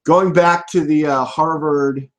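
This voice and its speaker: A man hosting a live political podcast, ranting and swearing, bursting into loud shouts now and then. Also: a little high, fairly even intonation, slow.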